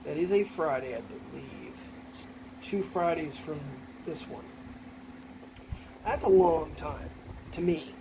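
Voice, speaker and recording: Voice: mid-range voice, slow pace, pauses often. Chatty vlogger walking a dog outdoors. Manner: chatty, talks to the puppy in a playful voice. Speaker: daily vlogger. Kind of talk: casual vlog chat while walking a dog. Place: outdoors in a breezy park playground. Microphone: phone camera. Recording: outdoor recording with clear background noise. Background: wind and leaves, passing vehicles.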